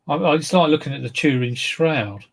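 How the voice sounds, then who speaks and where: A man's voice: on the high side, normal speed, breathy edge. A man hosting a casual reseller livestream, chatting to viewers in a rambling way while he handles and lists items.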